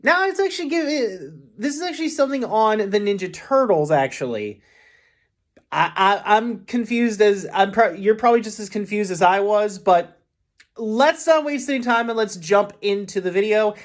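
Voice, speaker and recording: A man's voice: high voice, lively intonation, normal speed. An upbeat man hosts a reaction video in a loose, casual way. He rambles and keeps correcting himself mid-sentence. His voice now and then cracks.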